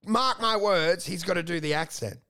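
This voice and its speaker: A man's voice: high voice, moderate pace, clear, resonant tone. A man in his thirties, a comedian ranting and joking in casual podcast chat. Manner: animated, ranting, joking, puts on mock voices.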